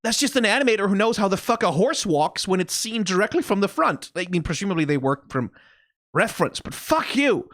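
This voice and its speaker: A man's voice: high-pitched, fast, few pauses, no echo, clean studio sound. A man hosting an anime reaction, rambling in casual, profane commentary with many restarts and bursts of mock anger. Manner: animated, profane rambling with frequent restarts and laughs.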